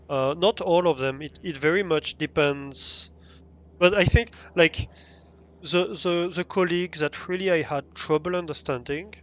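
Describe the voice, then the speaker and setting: A man's voice: a little high, a bit bright, highs cut off, slight background noise. A man with a French accent chatting casually while livestreaming a game, rambling with frequent restarts and easy laughs. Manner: rambling, many restarts and ums, laughs easily.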